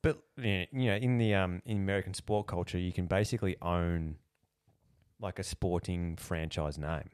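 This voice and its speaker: Deep-voiced, blunt Australian co-host. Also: male voice, moderate pace, darkish tone, smooth, dry recording, clean studio sound. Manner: laid-back and blunt, swears casually. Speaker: podcast co-host. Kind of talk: casual chat.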